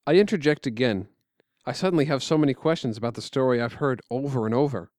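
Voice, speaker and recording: A man telling a story in quiet, measured, scripted narration. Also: medium pitch, no echo, studio quality.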